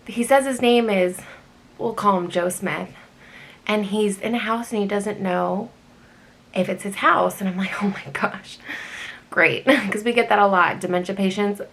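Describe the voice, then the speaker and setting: Gravelly woman telling a story. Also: medium pitch. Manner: hesitant with many ums, animated retelling. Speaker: EMT telling a work story. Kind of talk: casual storytelling.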